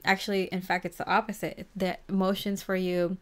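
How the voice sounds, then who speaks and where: A woman's voice: medium pitch, flat delivery, fairly quick. A woman giving a casual pick-a-card tarot reading, chatty and giggly, filling her talk with "like". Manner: chatty and giggly, heavy use of "like". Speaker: tarot reader.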